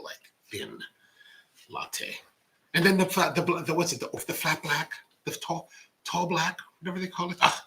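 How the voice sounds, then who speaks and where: A man's voice: medium pitch, sharp tone, rough recording. A middle-aged man hosting a coffee show, chatting casually and rambling as he reads out viewer comments. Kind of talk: casual live-stream chat.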